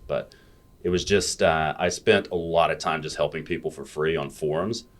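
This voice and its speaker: Very deep-voiced blunt American man. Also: moderate pace. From United States. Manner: blunt, swears freely, animated storyteller. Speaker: guest, fitness educator. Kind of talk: casual podcast chat, storytelling.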